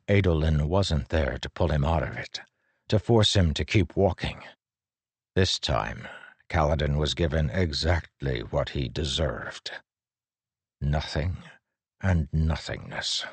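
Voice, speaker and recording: Deep, husky male narrator. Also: a little mellow, no echo. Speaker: audiobook narrator. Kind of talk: scripted narration.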